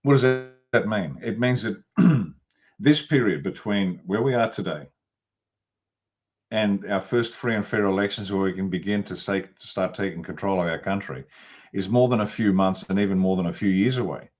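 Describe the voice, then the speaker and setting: A man speaks in a fairly low voice, blunt and emphatic, reeling off long lists as he makes his case. He is a guest in a political interview, talking over a video call. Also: normal speed, a little mellow. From Australia. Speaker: guest commentator.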